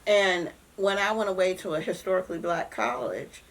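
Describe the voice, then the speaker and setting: A woman in her fifties from West Virginia recalls her past in an oral history interview, telling it in a lively way and acting out what people said. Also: on the low side, normal speed, poor audio. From Jefferson County, West Virginia. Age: 50s. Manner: animated storyteller, acts out quoted voices.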